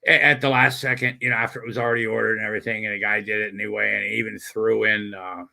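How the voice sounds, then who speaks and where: A man hosting a casual late-night livestream, rambling and swearing as he greets viewers by name, with lots of halting fillers. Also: fairly low pitch, level tone, gravelly, pushed and bright. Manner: halting, many fillers and restarts. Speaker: livestream host.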